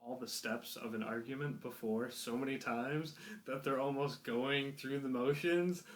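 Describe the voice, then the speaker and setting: A man's voice: mid-range voice, fairly even intonation, unhurried. Man thoughtfully picking apart a show. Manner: analytical, hesitant restarts, picks apart motives. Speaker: podcast co-host. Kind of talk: casual recap chat.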